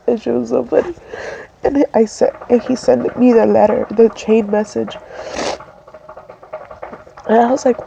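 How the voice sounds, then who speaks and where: A woman tells a personal story while crying, her voice gravelly and mellow. She speaks slowly and haltingly, breaking off and starting over. The recording is dull and lo-fi, with faint noise behind her. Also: a little high, level tone. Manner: tearful, halting, with many restarts. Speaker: vlogger.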